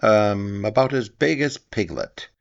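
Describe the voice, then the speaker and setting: A man voicing a gloomy old male donkey who talks slowly and mournfully, in a storybook reading. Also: on the low side, expressive, creaky. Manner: slow, mournful, dry. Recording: dull lo-fi recording.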